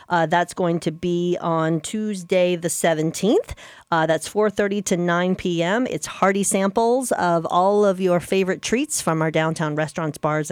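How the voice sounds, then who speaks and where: A woman hosting a casual radio chat, talkative and quick to correct herself and laugh. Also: on the low side, no room sound. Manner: chatty, self-correcting, laughs easily. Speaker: radio show host.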